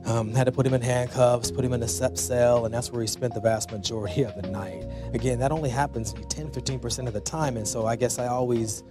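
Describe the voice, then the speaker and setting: Corrections officer, male, relaxed interview tone; music bed underneath. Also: mid-range voice, quick pace, hardly any pauses. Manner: relaxed, hesitant with fillers.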